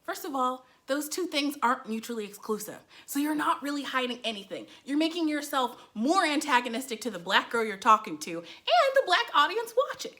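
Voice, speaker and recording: Bright, animated woman reviewing TV. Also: sits high, brisk. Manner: animated, sarcastic, laughs often. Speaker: librarian reviewing TV. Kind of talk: casual TV reaction vlog.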